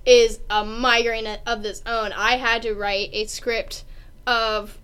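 A woman's voice: a little high, level tone, takes it slowly, a bit bright, clean tone. Chatty woman. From Southern United States. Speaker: playwright. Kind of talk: casual conversation about writing.

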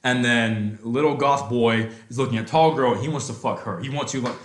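A man's voice: medium pitch, moderate pace, reverberant. A man co-hosting a casual movie review chat, talking in a profane, mocking way. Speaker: podcast co-host.

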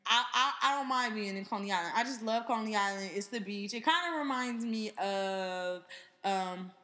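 A woman's voice: mid-range voice, normal speed, bright, forceful tone. A woman co-hosting a podcast, chatting casually with slang and reading a listener's letter aloud. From not from New York. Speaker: podcast co-host. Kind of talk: casual chat.

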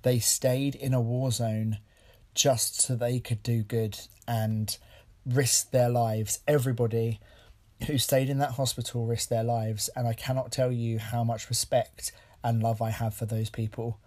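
A man's voice: mid-range voice, little pitch movement, dark tone. Earnest man reviewing films. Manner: halting, many ums, emotional and earnest. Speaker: film podcast host. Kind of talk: casual film review podcast.

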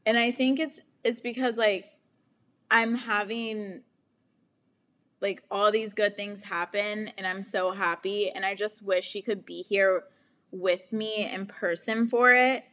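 A young woman in her twenties hosts a casual solo podcast, talking candidly about her week. She speaks at an unhurried, drawn-out pace in a mid-range voice, laughing often and swearing without a second thought. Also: medium pitch, fairly even intonation, a bit bright. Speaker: podcast host.

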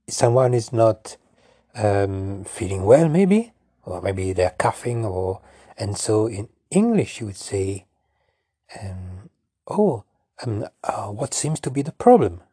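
Italian-accented father, casual home lesson, slow and patient, husky warm tone. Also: lowish voice, sing-song, no echo, clean studio sound. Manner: patient, repeats words slowly and coaxes the listener. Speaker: father teaching his daughter.

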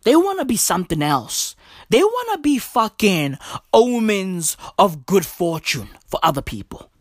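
A woman's voice: medium pitch, sing-song, a little slow, dry recording, studio quality. A woman delivering a profane comic rant, full of slang, swearing and emphatic repeats. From South Africa.

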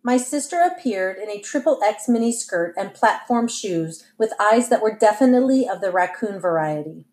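A woman narrates a novel for an audiobook with a lively, wry storytelling manner. Her voice sits at a middle pitch. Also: moderate pace, few pauses. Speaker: audiobook reader.

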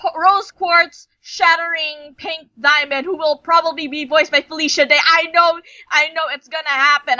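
A young woman with a high, bright voice rambles through a casual chat, tripping over her words and cursing as she goes. The sound is dry and a little dull, like a cheap home mic. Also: fairly even intonation, moderate pace, hardly any pauses, dry recording. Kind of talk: casual ranting chat about a cartoon.

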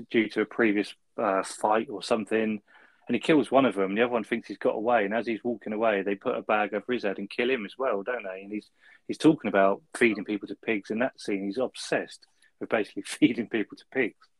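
A man's voice: lowish voice, steady tone, a little fast, no room sound, low-quality recording. A man co-hosting a film review podcast, easygoing and chuckling, ending points with tag questions. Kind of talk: casual chat.

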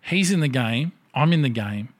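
Swearing, animated storytelling man. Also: mid-range voice, normal speed. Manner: animated storyteller who acts out other people's lines, swears freely. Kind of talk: casual chat.

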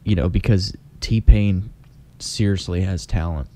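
A man with a low, dark, mellow voice talks casually as a podcast co-host. He hesitates often and fills pauses with "you know". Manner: halting, many fillers like "you know". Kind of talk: casual chat.

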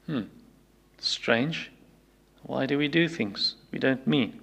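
A man's voice: mid-range voice, slow pace, creaky, pauses often, pushed and bright. A man preaching a sermon with emphatic repetition, acting out people's excuses in quoted voices. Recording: long reverb of a hall.

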